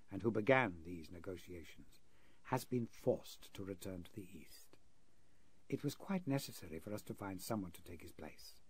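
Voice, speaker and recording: A man voicing a sinister older male kidnapper who speaks in a quiet, half-whispered, cold way with a nervous giggle, in a 1930s radio drama. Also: low-pitched, slightly rough, no room sound. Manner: quiet, slow, coldly threatening.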